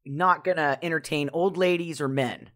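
A woman's voice: sits low, moderate pace, fairly bright tone. A woman chatting casually on a podcast and adding wry remarks about a film. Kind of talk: casual chat.

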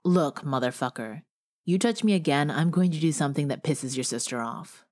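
A woman's voice: low-pitched, expressive, moderate pace, darkish tone. A woman voicing a brash, hot-tempered young male bear shifter who talks bluntly and swears, in an audiobook. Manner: blunt and profane.

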